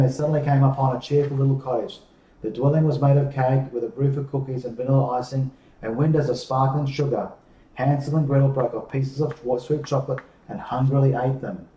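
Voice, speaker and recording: A man reading a fairy tale aloud in a measured way, pausing for drama, recorded off-mic in an echoey room. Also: mid-range voice, dark tone, distant mic. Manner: measured, slowing for dramatic pauses. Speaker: storyteller. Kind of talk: storybook read-aloud.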